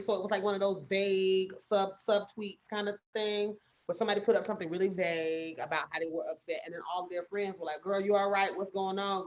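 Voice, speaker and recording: Lively storytelling woman, dull lo-fi sound. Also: fairly low pitch. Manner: animated storytelling with quoted voices. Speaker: podcast co-host. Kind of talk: casual chat.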